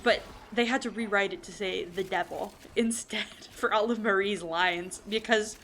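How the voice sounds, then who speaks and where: A woman's voice: medium pitch, fairly even intonation, moderate pace, fairly bright tone. A woman live-streaming a game, chatting casually with her viewers. She swears freely and hops from one tangent to the next in an everyday mid-range voice, with a faint hiss of noise underneath.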